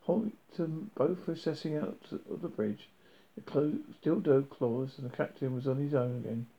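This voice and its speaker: A man reading a novel aloud, halting, with frequent slips and restarts. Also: on the high side, dark tone. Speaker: reader. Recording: dull lo-fi recording.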